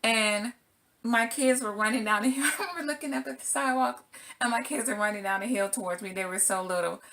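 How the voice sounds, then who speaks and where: A woman's voice: on the high side, fast talker, fairly bright tone. A middle-aged woman vlogging as a single mother, telling a personal story casually and acting out her own exclamations.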